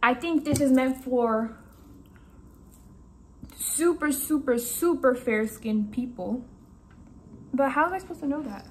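A woman with a high, bright-pitched voice vlogs casually from home. She talks frankly and chattily to her viewers and often breaks into exclamations. A faint room hum sits behind her. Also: unhurried, pauses often. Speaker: vlogger. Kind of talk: casual vlog talking to camera.

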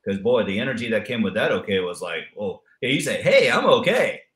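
A middle-aged man guest in a motivational interview who tells lively stories and acts out the people in them with changing voices. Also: on the low side, quick pace, echoey room. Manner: lively storyteller acting out dialogue with voice changes. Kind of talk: animated motivational interview talk.

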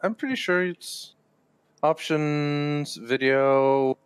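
A man's voice: a little high, very slow, clear, resonant tone, no room sound. A man chatting while gaming, explaining settings in a matter-of-fact way. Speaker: gamer on a group video call. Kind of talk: casual gaming banter.

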